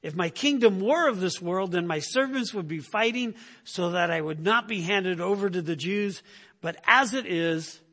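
A man preaching a sermon with a fairly high voice. He talks to the room in an easy, chatty way and tags his points with "right?" He lifts his voice when he acts out the people he quotes. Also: moderate pace, pushed and bright. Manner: conversational, keeps asking "right?"; acts out quoted speakers in raised voice. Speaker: pastor.

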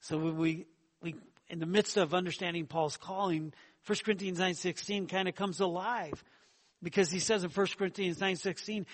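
High-voiced man preaching conversationally. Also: normal speed, fairly bright tone. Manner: conversational, fillers and repeated words, rising emphasis. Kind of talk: sermon.

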